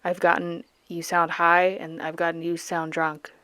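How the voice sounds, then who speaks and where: A woman's voice: on the low side, level tone, measured pace, a bit bright, smooth, no room sound. A young woman from Georgia with a light Southern accent, chatting playfully in a voiceover while painting, sometimes dropping into a whisper. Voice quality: playful, goofy, self-mocking. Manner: drops to whispers at times. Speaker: art channel host.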